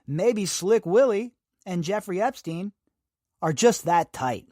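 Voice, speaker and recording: A man hosts a podcast, delivering opinionated commentary that's emphatic, sarcastic and packed with rhetorical questions. His voice sits high, expressive, slow and mellow, recorded cleanly in a studio with no echo.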